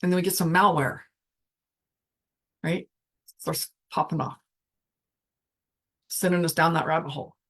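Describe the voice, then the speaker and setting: A woman with a fairly low pitch and steady tone works as a spiritual coach. Her teaching is casual and reflective, taking the listener through slow breathing while often trailing off mid-sentence.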